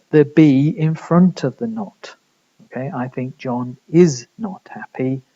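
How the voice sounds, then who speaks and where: A man's voice: mid-range voice, mellow, dull audio. A man giving a recorded university lecture, explaining step by step with rhetorical questions and the odd filler.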